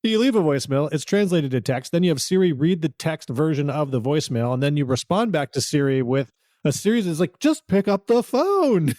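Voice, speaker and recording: A man's voice: on the high side, animated, brisk, a little mellow, no room sound, studio quality. A man co-hosting a podcast in casual chat, giving his opinions plainly and laughing easily. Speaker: podcast co-host.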